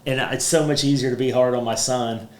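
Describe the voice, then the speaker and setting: A man's voice: medium pitch, steady tone, fairly quick, darkish tone, a little hiss or hum. A man, hosting a casual podcast chat and rambling with many fillers and restarts. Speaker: podcast host, roofing business owner. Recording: roomy echo with faint ambience.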